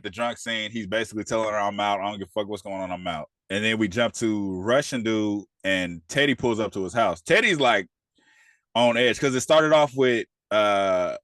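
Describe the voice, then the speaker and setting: A man's voice: on the low side, fairly bright tone, dry recording. A man co-hosting a casual TV review podcast, retelling scenes with profane slang and acting out the characters' lines. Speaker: podcast co-host.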